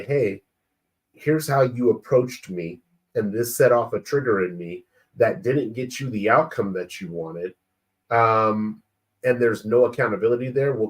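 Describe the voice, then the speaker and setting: Man in a group talk; middle voice, lively storytelling with quoted dialogue. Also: medium pitch. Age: adult, married. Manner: animated, acts out quoted exchanges. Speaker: men's circle participant. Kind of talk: casual group discussion.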